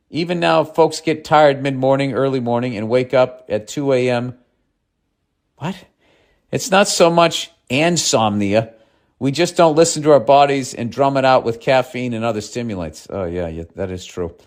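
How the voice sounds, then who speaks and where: A man's voice: mid-range voice, darkish tone. Swearing ranting guy on a podcast, sarcastic, talking to himself basically. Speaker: podcast host. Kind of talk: casual podcast monologue.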